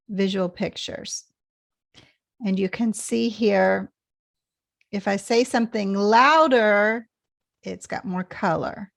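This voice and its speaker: A woman teaching English pronunciation in a patient lesson, repeating phrases slowly so learners can follow. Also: mid-range voice, vocal fry, darkish tone, no echo, clean studio sound. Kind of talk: slow explanatory lesson.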